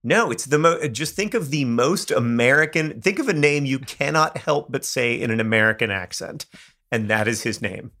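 A man's voice: medium pitch, animated, normal speed, bright, forceful tone. A man co-hosting a podcast, talking in a casual, earnest and self-deprecating way, often restarting his sentences. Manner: thoughtful, earnest, self-deprecating, with false starts. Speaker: podcast co-host. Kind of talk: casual chat.

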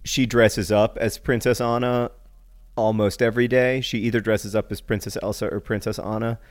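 A middle-aged man co-hosting a podcast in casual banter, with a wry, teasing manner and quick interruptions. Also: lowish voice, flat delivery. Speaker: podcast co-host.

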